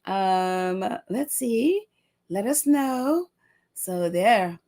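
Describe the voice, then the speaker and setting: A woman hosting a casual livestream, chatting warmly and reading out viewer comments with many fillers. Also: medium pitch, lively intonation, extremely slow. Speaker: livestream host.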